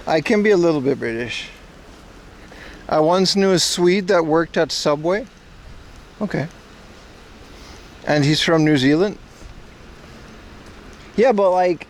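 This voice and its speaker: A man with a slightly high voice rambles and jokes with his stream chat while out on city streets. Faint traffic hums behind him. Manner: joking, loose, talks back to chat. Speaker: livestream host. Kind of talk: rambling casual chat to viewers.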